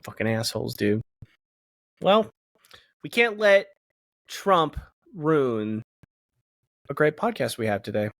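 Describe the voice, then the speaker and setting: A man co-hosting a podcast, chatting casually in a loose, profane, animated way. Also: medium pitch, slow pace, long pauses, no room sound. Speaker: podcast co-host. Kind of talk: casual banter.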